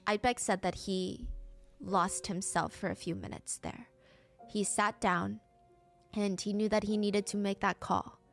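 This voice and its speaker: A woman's voice: steady tone, a little slow, soft background music. A woman narrating a true crime case, acting out the quoted lines with a lifted voice. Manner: acts out quoted lines with rising pitch.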